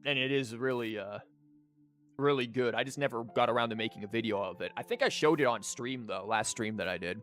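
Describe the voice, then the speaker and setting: A man's voice: mid-range voice, brisk, fairly bright tone. A man with a sore throat, chatting casually as he comments on a card game, rambling with fillers. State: sore throat, losing his voice. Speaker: streamer and teacher. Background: game music.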